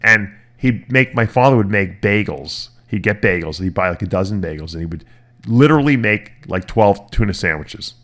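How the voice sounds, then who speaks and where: A middle-aged man hosting a casual podcast chat, telling lively stories, cursing and acting out the voices of people he quotes. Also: on the low side, moderate pace. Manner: animated storytelling, swearing, acting out quoted voices. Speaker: podcast host.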